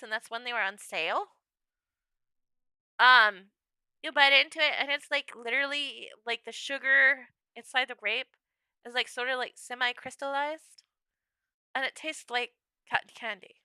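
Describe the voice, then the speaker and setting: Bubbly high-voiced young woman streamer. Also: normal speed, pushed and bright, clear, resonant tone, no echo. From United States. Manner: bubbly, chaotic, rambling with many "like"s. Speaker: livestreamer. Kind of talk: casual chat with viewers.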